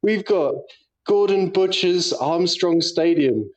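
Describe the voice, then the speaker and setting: A man's voice: high voice, takes it slowly, a little mellow, rough recording. A man co-hosting a podcast, chatting casually, swearing often and laughing through his stories. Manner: sweary, laughs a lot, storytelling. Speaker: podcast co-host. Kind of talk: casual banter.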